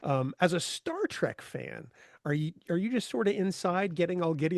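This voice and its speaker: A man's voice: high-pitched, lively intonation, normal speed, gravelly, no room sound, clean studio sound. A middle-aged man co-hosting a fan podcast over a video call, asking friendly questions and ribbing his co-host. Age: 50s. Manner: friendly, joking. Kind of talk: casual interview chat.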